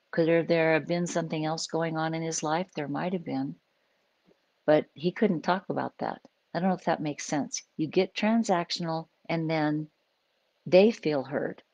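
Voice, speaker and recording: A woman's voice: deep voice, darkish tone, no echo, poor audio. A woman psychologist hosting a live stream, giving an unscripted, conversational talk and acting out little examples as she explains.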